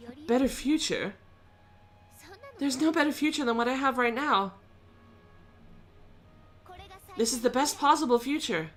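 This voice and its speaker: A woman's voice: sits high, moderate pace, faint music behind, voice pushed up, close to an everyday voice. A woman voicing a teenage girl in a visual novel reading, sweet on the surface but turning cold and mocking. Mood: denying. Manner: bright girlish voice, laughing and brittle.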